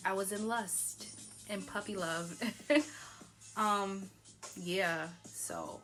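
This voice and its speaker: A woman's voice: mid-range voice, fairly bright tone. Chatty young woman telling a story. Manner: chatty, frequent "like", laughs often. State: tipsy from wine. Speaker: vlogger. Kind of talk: casual storytelling.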